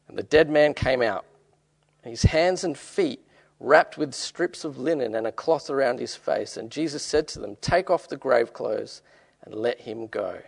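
Gravelly-voiced male pastor preaching. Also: medium pitch, unhurried. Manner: reads verses aloud, then explains them in plain talk. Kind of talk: sermon reading and explaining scripture.

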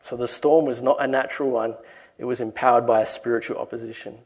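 Guy preaching a chatty sermon, storytelling, jumps up loud when he acts out quotes, mid pitch. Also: fairly even intonation, fast talker, breathy edge.

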